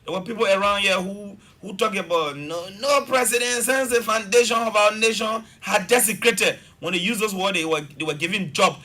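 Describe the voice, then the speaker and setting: A man's voice: sits high, normal speed, few pauses, bright, forceful tone. A man with a Liberian accent, a government official making an emphatic, repetitive political argument as a talk-show guest.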